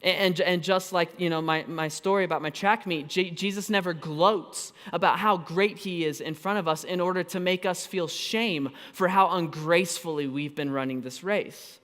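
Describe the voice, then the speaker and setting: A high-voiced man in his thirties preaches a storytelling sermon, animated and self-deprecating. He breaks into quick asides and restarts. His voice rings with a long reverb through a church auditorium. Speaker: pastor.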